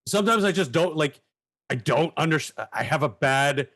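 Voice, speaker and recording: A man's voice: fairly high pitch, animated, normal speed, a bit bright. A man on a panel show who chats casually and rants in exasperation. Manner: exasperated ranting.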